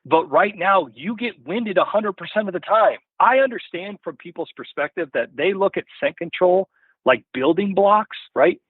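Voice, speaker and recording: A man's voice: high-pitched, expressive, normal speed, breathy edge, dry recording. Rambling man on a tinny phone line. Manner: rambling, full of "you know" and "right?" tags. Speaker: podcast guest from a hunting gear company. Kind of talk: casual storytelling in an interview.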